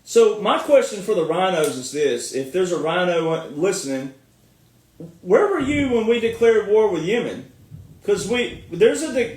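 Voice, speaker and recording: Sarcastic male veteran ranting, echoey room. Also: high voice. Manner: sarcastic, mocking, laughs often. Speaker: commentator, military veteran. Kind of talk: ranting online commentary. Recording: echoey room, far from mic.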